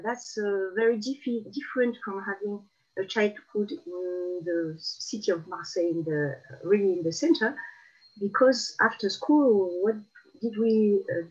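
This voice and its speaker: A middle-aged woman from Provence whose Southern French accent comes through in every phrase. She answers interview questions in an unhurried, reflective way, pausing often as she recalls things. The recording sounds slightly muffled. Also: mid-range voice, a little mellow, husky. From Provence, France. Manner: reflective, unhurried storytelling with frequent pauses. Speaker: guest. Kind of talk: casual video interview.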